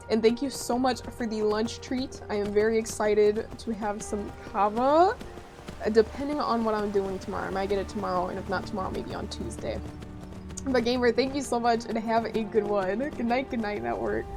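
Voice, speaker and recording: A woman livestreaming a game, chatting casually and teasing her viewers playfully. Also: mid-range voice. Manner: playful teasing, banter with chat. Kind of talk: casual livestream chat while gaming. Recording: game music under the voice. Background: game music.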